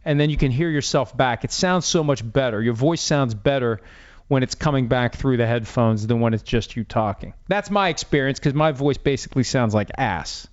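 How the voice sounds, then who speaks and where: A man's voice: medium pitch, normal speed. A man hosting a podcast, chatting casually about sports and mocking himself with a wry, rambling manner. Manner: wry, self-deprecating, rambling. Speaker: podcast host. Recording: dull, slightly lo-fi sound.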